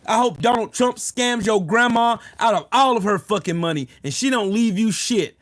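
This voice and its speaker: A man's voice: high-pitched, normal speed, a bit bright, no echo, studio quality. A man hosting a livestream, delivering a heated, profane political rant and answering chat comments. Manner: profane, heated, repetitive ranting. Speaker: livestream host.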